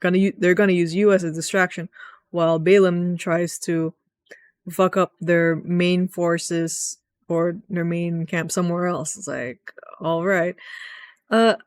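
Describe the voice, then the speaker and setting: A woman's voice: on the low side, steady tone, measured pace, clean tone, no echo, clean studio sound. A woman casually recapping a video game's story, chatty and rambling, who acts out the lines she quotes. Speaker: gaming video host.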